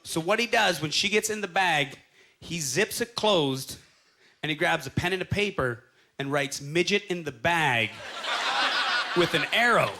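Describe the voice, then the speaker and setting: Bright, high-voiced man doing stand-up. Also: a little hiss or hum. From Canada. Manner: animated storytelling with quick acted-out quotes. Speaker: stand-up comedian. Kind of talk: stand-up comedy set. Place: comedy club stage. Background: faint audience laughter.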